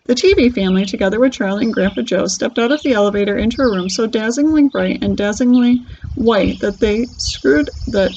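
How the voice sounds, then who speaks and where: A woman reading a children's book aloud with lively, expressive storytelling. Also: a little high, a little fast, a little hiss or hum. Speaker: storybook reader. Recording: dull lo-fi recording.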